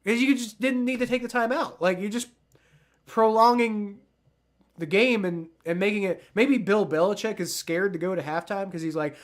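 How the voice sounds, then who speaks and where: Excitable high-pitched man calling a game. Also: a little slow, pauses often. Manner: rambling, excitable, talks to chat. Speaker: livestream sports reaction host. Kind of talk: live game reaction commentary.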